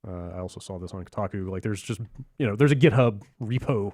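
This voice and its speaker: Low-voiced man rambling on a podcast. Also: fast talker, darkish tone, dry recording, studio quality. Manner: rambling, hesitant with many fillers. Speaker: podcast co-host. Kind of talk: casual chat.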